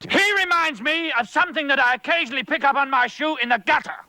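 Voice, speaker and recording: A man putting on a shrill sneering posh toff. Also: fast talker, sharp tone, dry recording, exaggerated voice. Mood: disdainful.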